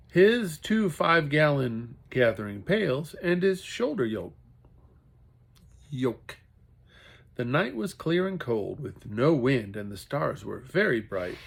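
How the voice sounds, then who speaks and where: A man reads a children's novel aloud in an amateur way, now and then stopping to correct himself. He reads slowly, with a lively, rising and falling tune. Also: medium pitch, gravelly. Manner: amateur reading with self-corrections. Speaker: reader.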